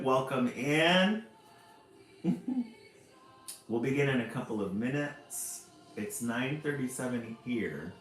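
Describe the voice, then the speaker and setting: A man hosting a casual livestream, greeting viewers by name in a cheery voice that jumps up when he says hello. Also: fairly low pitch. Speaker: livestream host. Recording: roomy echo with faint music behind.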